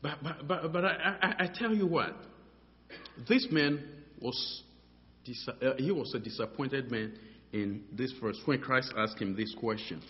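A man preaching a sermon, animated and halting, often repeating words and filling pauses, acting out little dialogues as he goes. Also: medium pitch. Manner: acts out dialogues in his story. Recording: dull sound, long hall reverb.

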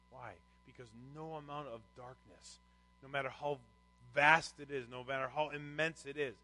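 A man's voice: medium pitch, bright, forceful tone, poor audio. A middle-aged man preaching a sermon as a pastor, reading scripture and telling anecdotes with rising emphasis.

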